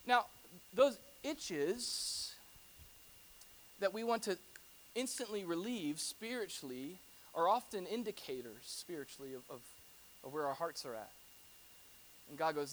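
Animated, bright-voiced male pastor preaching. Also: high voice, fast talker. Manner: conversational, animated preaching with asides and humor. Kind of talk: sermon. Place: church.

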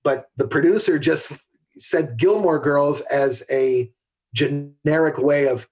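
A man's voice: on the high side, slow pace, a little mellow, breathy edge. A middle-aged man, a guest on a podcast, telling candid stories from his camera career, often restarting his sentences. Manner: candid anecdotal storyteller with frequent restarts. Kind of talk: conversational storytelling.

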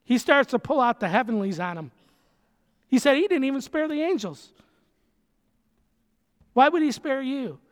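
A man with a strikingly high voice preaches to his church in a relaxed, talky way. He hammers points home by repeating them and breaks off for casual asides. His voice rings with the long reverb of a big hall. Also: moderate pace, pauses often. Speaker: pastor. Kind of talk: conversational sermon.

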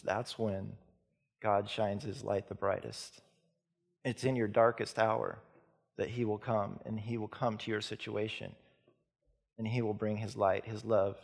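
Preacher, male, gravelly voice, earnest sermon delivery that drops soft and slow. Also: fairly low pitch. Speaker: pastor.

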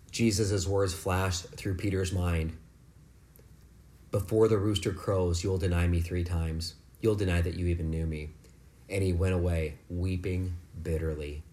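A man leading a home Bible lesson for his kids, explaining scripture in a relaxed, conversational way. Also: low-pitched, slight background noise. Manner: rises to loud, fervent preaching, then talks softly and warmly with kids. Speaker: father leading a family devotion. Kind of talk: preaching to children at home.

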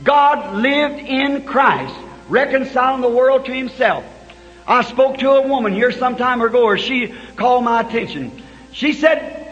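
Old sermon tape, man preaching hard, really high voice, long hall echo, muffled sound. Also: animated, normal speed, soft background music. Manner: fervent, builds to shouting climaxes. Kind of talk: revival sermon.

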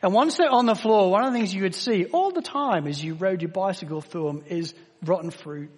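English man, pastor, sermon, emphatic, high-pitched voice, long hall reverb. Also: husky. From England. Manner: emphatic, with slow stressed words and sudden rises in volume.

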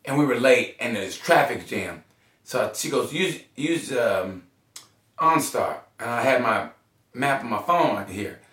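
Here a podcast guest with a medium-pitched voice speaks a little slowly, telling animated stories in casual conversation, swearing and mimicking the people he quotes. He's off-mic and distant, in an echoey space.

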